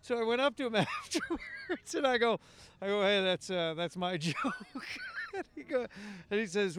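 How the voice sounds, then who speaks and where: High-voiced man telling comedy stories. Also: huge pitch swings, brisk, fairly bright tone. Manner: storytelling with self-deprecating laughs. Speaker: comedian guest. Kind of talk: casual podcast chat.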